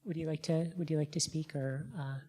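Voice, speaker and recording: A service leader reading out a list of names of the departed for remembrance. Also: medium pitch. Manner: measured, even reading of a list.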